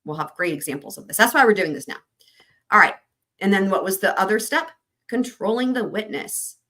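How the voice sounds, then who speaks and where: Her mid-range voice bright, forceful and animated, a livestream host reads trial commentary and legal text a little fast. She pauses to chat casually, explaining things and responding to viewer comments.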